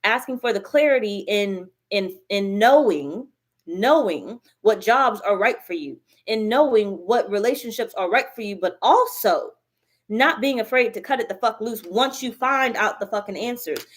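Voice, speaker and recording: A woman's voice: medium pitch, lively intonation, moderate pace. A woman giving a live tarot reading, blunt and profane, hammering her points by repeating them. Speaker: tarot reader.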